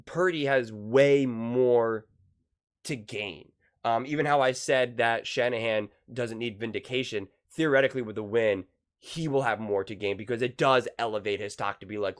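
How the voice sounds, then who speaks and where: A man's voice: medium pitch, brisk. Skeptical man rambling through a rebuttal. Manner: skeptical, argumentative, rambling with fillers. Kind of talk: casual reaction commentary.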